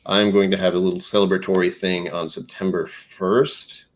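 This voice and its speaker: A man's voice: sits low, flat delivery, moderate pace. A man hosting a casual whiskey livestream, rambling and joking at his own expense. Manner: rambling, self-mocking, jokey. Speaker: live streamer.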